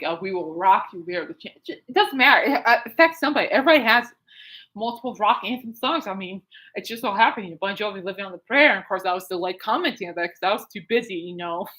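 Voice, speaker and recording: Woman, solo podcast host, rambling, excitable, lots of fillers, at home at night, mid pitch. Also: low-quality recording. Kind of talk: casual rambling monologue.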